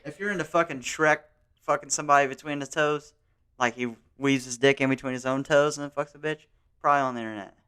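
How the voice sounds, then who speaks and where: A man's voice: medium pitch, steady tone, fast, sharp tone, clean tone. A young man co-hosting a podcast, joking and sarcastic in crude casual chat. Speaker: podcast co-host.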